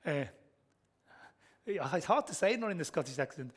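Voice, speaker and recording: A man with a Black Country accent preaching a sermon, earnestly and directly addressing his listeners, often dropping to soft, intense tones. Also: a little high, expressive, normal speed, pauses often, slightly rough. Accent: Black Country English.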